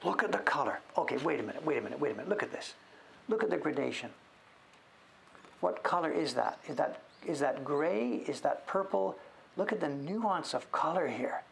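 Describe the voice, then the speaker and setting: A man hosting a casual show-and-tell, thinking aloud as he sounds out names, sometimes dropping to a whisper and breaking into excited praise. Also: fairly high pitch, normal speed, creaky, a little hiss or hum. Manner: drops to whispers now and then. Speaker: host.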